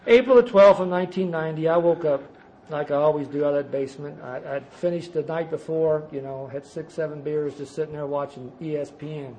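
Man, middle-aged, high voice, self-mocking recovery storyteller. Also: fairly even intonation, fairly quick, a little mellow, slight background noise, low-quality recording. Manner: folksy, self-mocking, addresses listeners as guys. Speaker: recovery speaker sharing his story. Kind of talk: storytelling talk to a recovery meeting.

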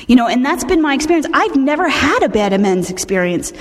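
A woman's voice: high-pitched, big pitch swings, fast talker. A woman giving a personal recovery testimony, speaking candidly and conversationally, often restarting her sentences. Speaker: speaker sharing a recovery story. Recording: long reverb of a large hall.

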